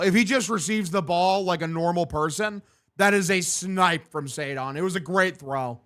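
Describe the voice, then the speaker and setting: A man's voice: high voice, normal speed, a bit bright. Profane, exasperated man calling a game. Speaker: livestream host. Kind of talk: casual play-by-play commentary.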